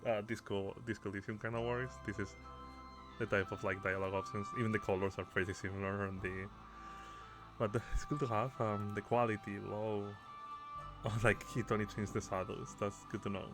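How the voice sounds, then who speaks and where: A man's voice: fairly low pitch, flat delivery, brisk, over music. A man giving casual commentary while playing a game, reading the on-screen text aloud and chuckling often. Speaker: gamer playing on video.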